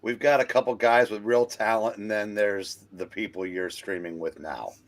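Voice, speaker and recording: A man's voice: lowish voice, fairly even intonation, moderate pace. A man co-hosting a casual live-stream chat about comics, rambling and joking as he explains. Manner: rambling, jokey. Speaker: co-host.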